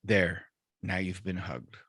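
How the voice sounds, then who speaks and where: A man's voice: sits low, slow, a bit bright, no echo, clean studio sound, heavily acted. A man doing an annoyed lifeguard in a joke. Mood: exasperated. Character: male lifeguard, exasperated.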